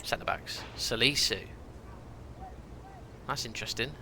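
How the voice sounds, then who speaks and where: Streaming a football management game, a young man talks casually to his viewers, reasoning out loud, ranting and reacting. He speaks slowly at a medium pitch with fairly even intonation, and there's background noise.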